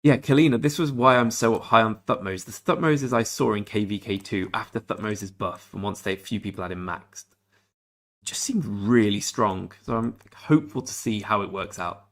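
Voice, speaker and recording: A laid-back young Englishman with a lowish voice and moderate pace streams a game while chatting with viewers. His talk is jokey, easygoing, and casual.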